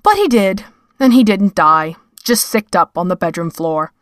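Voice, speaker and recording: A woman reading fiction aloud in a measured, wry storytelling manner. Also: mid-range voice, animated, no echo, clean studio sound. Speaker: narrator. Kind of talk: scripted fiction narration.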